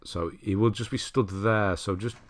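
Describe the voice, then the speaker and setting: A man giving relaxed, chatty commentary over a game walkthrough, laughing at himself and correcting his own words. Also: fairly low pitch, moderate pace. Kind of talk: casual gameplay commentary.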